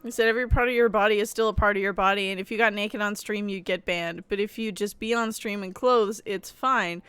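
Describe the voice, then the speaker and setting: A woman streamer chatting casually while she games at home, blunt and quick to laugh. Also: medium pitch, steady tone, fairly bright tone, smooth, no echo, soft background music. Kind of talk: casual live-stream chat while gaming.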